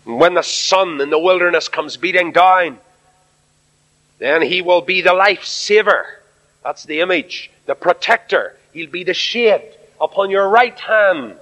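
Irish preacher in an echoing hall. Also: male voice, sits high, a little slow, bright, forceful tone. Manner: emphatic, addresses the congregation directly. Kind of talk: sermon. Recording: dull recording in a reverberant hall.

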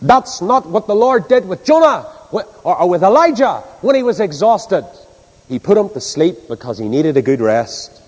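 A man's voice: sits high, sing-song, normal speed, darkish tone. A man preaching a sermon, asking the congregation rhetorical questions. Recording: long hall reverb.

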